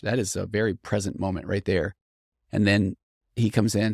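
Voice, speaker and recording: A fairly low-pitched middle-aged man talks a little fast over clean, echo-free studio sound. He's a therapist hosting a podcast, working through listener stories in a conversational monologue; his tone is earnest and reflective, picking up energy when he quotes listeners.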